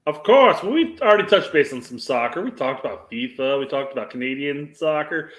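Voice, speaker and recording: A man's voice: a little high, expressive, a little fast, a bit bright, echoey room. A man co-hosting a podcast in casual chat, joking and profane, often restarting his sentences. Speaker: podcast co-host.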